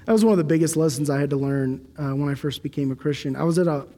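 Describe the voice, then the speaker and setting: A man's voice: on the high side, quick pace, dark tone. A young man preaching a sermon in a loose, conversational way, with many fillers and restarts. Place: church hall. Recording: long hall reverb.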